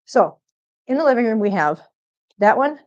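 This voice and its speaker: A woman's voice: fairly high pitch, sing-song, moderate pace, muffled recording. A woman from Missouri hosting a casual livestream from home on a laptop mic, chatting and rambling and cooing baby talk to her cats. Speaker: cat channel host. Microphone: laptop microphone.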